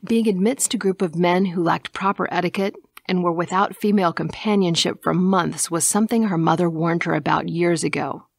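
Woman, audiobook narration, measured reading, gravelly, lowish, dry close recording. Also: fairly even intonation, dry recording.

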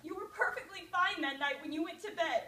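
A woman's voice: fairly high pitch, normal speed, natural voice. A teenage girl performing a monologue as a grieving young mother speaking at her father's grave, tender and reminiscing. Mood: anguished. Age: late teens. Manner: tender, reminiscing, rising to anguished outbursts. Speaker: student performer. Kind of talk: oral interpretation monologue. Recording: echoey room, mic at a distance.

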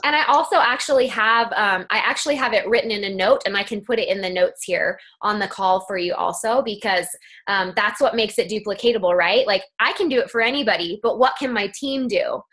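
A woman's voice: mid-range voice, brisk, fairly bright tone. A woman speaking as guest on a sales team call, eager and chatty, with many fillers and restarts as she coaches her team. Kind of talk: motivational team-call talk. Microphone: phone or conference-call line.

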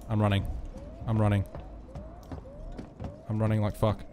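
A man's voice: fairly low pitch, level tone, moderate pace, long pauses, dark tone, a little hiss or hum. An Australian man streaming a horror game, nervous and jittery, swearing a lot and joking through his fear. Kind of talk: live-streamed horror gameplay commentary.

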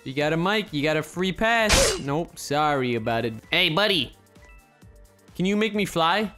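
A man's voice: on the high side, sing-song, a little slow, loud music behind the voice. A young man hosting a gaming video, talking casually and energetically while calling out to other players. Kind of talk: casual gameplay commentary.

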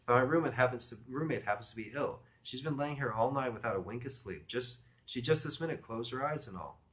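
A man's voice: medium pitch, lively intonation, brisk, a bit bright, pitched above the performer's own voice, lightly acted. A man reading a book aloud, voicing a brusque woman woken late at night who snaps at first and then turns coy. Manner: raised, prickly, then coy. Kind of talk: audiobook reading.

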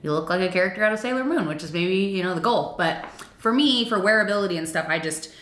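A woman's voice: mid-range voice, animated, quick pace, a bit bright. A young woman chatting casually through a makeup review, chatty and self-deprecating, with frequent fillers. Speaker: beauty vlogger. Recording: echoey room.

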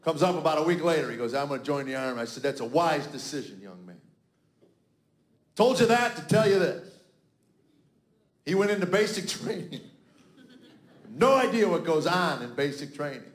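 A man's voice: on the high side, big pitch swings, fairly quick, long pauses. A man in his fifties doing stand-up comedy, acting out arguments with his family as an exasperated dad. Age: 50s. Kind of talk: stand-up storytelling. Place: stage before a live audience. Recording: roomy live venue sound.

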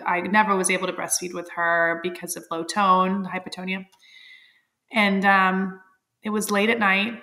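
A woman's voice: medium pitch, gravelly, bright, forceful tone. A woman in her thirties, a podcast guest, telling a personal story candidly and with feeling, laughing often and using many fillers.

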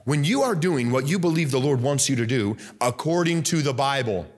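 A young man preaching a fiery Baptist sermon, loud and emphatic, repeating scripture lines and swinging from soft asides up to high, excited preaching. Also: normal speed. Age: young adult. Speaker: pastor.

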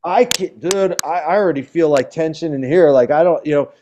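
This is a man with a slightly high voice, chatting as a guest. He rambles with excitement and keeps restarting his sentences, piling on fillers as he goes. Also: brisk, a little hiss or hum. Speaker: guest musician. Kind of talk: casual chat.

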